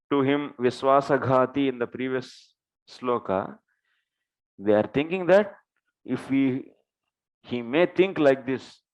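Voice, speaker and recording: Slow man explaining scripture. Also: mid-range voice, lo-fi sound. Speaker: scripture lecturer. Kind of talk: scripture class with Sanskrit verses.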